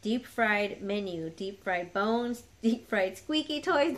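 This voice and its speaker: A young woman casually chatting as she unboxes a dog subscription box, excitable and gushing, stopping to talk to her dogs. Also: fairly high pitch, slow, few pauses. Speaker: dog channel vlogger.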